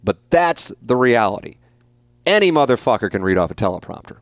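A man in his forties talks through listener questions on his podcast. His speech is blunt and emphatic, and he swears freely and often repeats a point for effect. His voice sits at an ordinary middle pitch and is recorded dry, with no room sound. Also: sing-song, fairly quick, no room sound. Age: 40s. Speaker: podcast host. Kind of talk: casual podcast chat answering listener questions.

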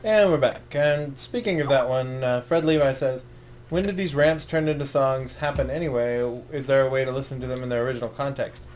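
A man's voice: medium pitch, brisk, a little mellow, slight background noise. A man co-hosting a podcast in casual chat, rambling and joking with his friend. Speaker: podcast co-host.

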